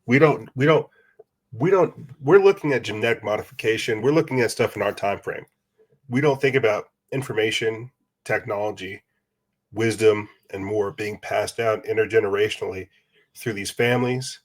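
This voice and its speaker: A man's voice: lowish voice, normal speed. A man hosting a podcast, talking in a rambling casual monologue with restarts and rhetorical questions. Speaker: podcast host.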